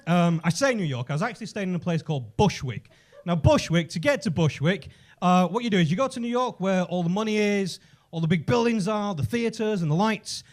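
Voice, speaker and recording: A man doing a stand-up routine on a comedy club stage, telling stories with chatty asides. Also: sits high. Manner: conversational storytelling with asides.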